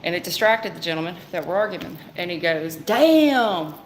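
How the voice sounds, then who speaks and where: Low-voiced woman telling a rambling story. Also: fast talker, a bit bright, a little hiss or hum, poor audio. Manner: rambling, conversational, with fillers and restarts. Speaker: tarot reader. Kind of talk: live-stream tarot reading and storytelling.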